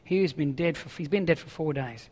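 Male pastor, sermon, high-pitched voice, long reverb from a large hall, moves between reading scripture and pressing paraphrase. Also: fairly quick, darkish tone, slightly rough. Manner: reads scripture aloud, then paraphrases it in an urgent, conversational voice.

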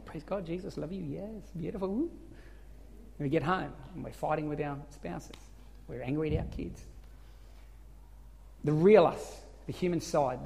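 A pastor preaches a sermon in a slightly high, gravelly voice with a darkish tone. He is earnest and conversational, stumbling and restarting as he goes, and the room has a long hall reverb.

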